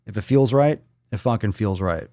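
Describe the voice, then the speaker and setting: A fitness show host with a fairly low voice talks straight into a close, dry mic. He chats casually and bluntly, swears freely and slips into silly voices when it suits him. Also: normal speed, dark tone, no echo. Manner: blunt, profane, playful, jumps into silly voices. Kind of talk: casual live-stream chat, reading viewer posts.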